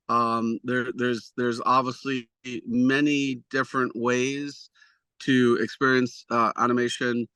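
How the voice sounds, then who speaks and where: Guy producer talking over a video call, bright tense tone, dry close sound, keeps restarting sentences. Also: mid-range voice, smooth, no room sound. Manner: rambling, restarts often, self-deprecating. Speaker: executive producer guest. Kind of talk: conversational interview answers.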